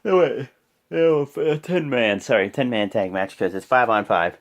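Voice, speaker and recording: A man giving a casual, rambling recap of a wrestling show, excitable and swearing freely. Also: on the low side, moderate pace.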